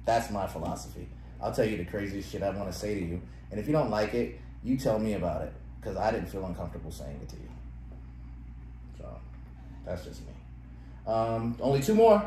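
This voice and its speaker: A man's voice: lowish voice, big pitch swings, a little fast, dark tone. A man co-hosting a podcast, chatting casually and laughing often as he reads phrases aloud. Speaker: podcast co-host. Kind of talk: casual chat. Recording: echoey room with faint noise.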